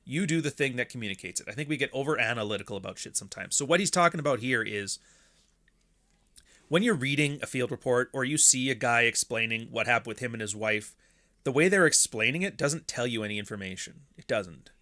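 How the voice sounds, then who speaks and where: Blunt, bright-voiced man ranting. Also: mid-range voice, brisk. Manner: blunt, profane, animated. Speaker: podcast host. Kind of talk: casual commentary monologue.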